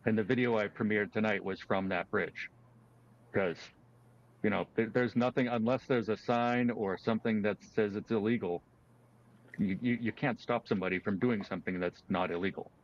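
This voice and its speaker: Low-voiced man on a dull line. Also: moderate pace. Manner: relaxed, chatty, with restarts. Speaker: host. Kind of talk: casual chat. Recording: dull lo-fi sound.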